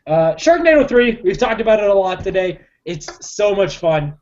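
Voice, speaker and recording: An excitable man co-hosting a podcast, with a high voice that leaps all over its range. He exclaims readily in casual chat. The recording sounds dull and lo-fi. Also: normal speed. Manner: excitable, exclaiming, laughs often. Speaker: podcast co-host.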